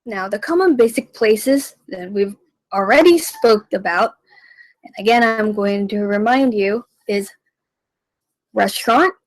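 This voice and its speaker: A woman hosting a radio language lesson, teaching slowly and patiently and repeating each phrase. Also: medium pitch, dry recording, low-quality recording. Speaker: radio language segment host. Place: radio studio.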